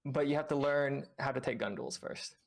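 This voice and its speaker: Gravelly male game coach explaining. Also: mid-range voice, normal speed. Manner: patient, explanatory, many fillers. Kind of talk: reviewing gameplay with a student on stream.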